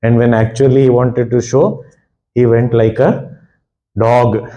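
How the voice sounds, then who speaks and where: A man's voice: mid-range voice, flat delivery, highs cut off. A man giving a devotional discourse, retelling a scripture story and explaining its verses. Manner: explains verses, chants Hindi couplets quickly.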